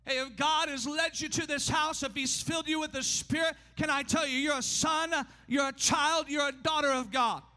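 A man preaching a sermon in a church, emphatic and often shouting, his delivery swinging between fast bursts and slow drawn-out lines. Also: extremely high pitch, steady tone. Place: church sanctuary. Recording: long hall reverb.

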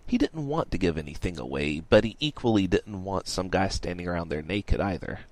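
A man reading an audiobook aloud in a playful, expressive way. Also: low voice, fairly quick, no room sound. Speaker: audiobook reader. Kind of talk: audiobook narration.

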